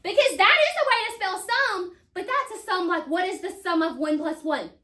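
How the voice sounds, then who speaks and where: A woman teacher, slowly sounding out spelling words for children. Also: very high voice, bright, forceful tone. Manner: slow, deliberate sounding-out of words.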